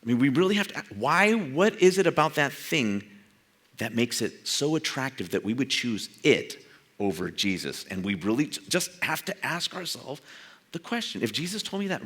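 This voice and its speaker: Animated, bright-voiced older male pastor. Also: medium pitch, moderate pace. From San Jose, California. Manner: conversational preaching, acts out quoted dialogue, chuckles at asides. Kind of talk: sermon.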